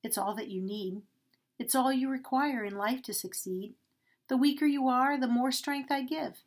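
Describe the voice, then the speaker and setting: A woman voicing a calm, loving, wise man who speaks softly and gently. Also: fairly high pitch, natural voice.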